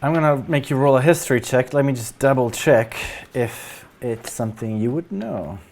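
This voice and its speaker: A man narrating as game master of a tabletop role-playing game, explaining in an unhurried way. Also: medium pitch, lively intonation, a little mellow, a little hiss or hum.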